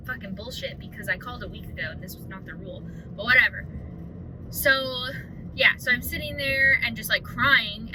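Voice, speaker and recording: A young woman vlogs in a candid, rambling way, dropping swear words and plenty of fillers. Her voice sits fairly high. Steady noise runs behind her. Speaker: vlogger. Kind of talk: casual chat. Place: home at night.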